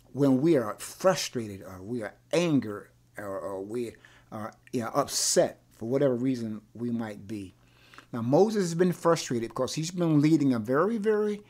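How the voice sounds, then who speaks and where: Leading a Bible class at a medium pitch, this male pastor is animated and energetic. He tends to repeat words and throw out rhetorical questions.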